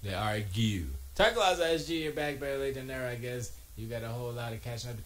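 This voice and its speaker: A man hosting a casual livestream from his home music studio, reading chat aloud and joking, with quiet muttered asides to himself. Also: medium pitch, fast. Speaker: live streamer reading chat.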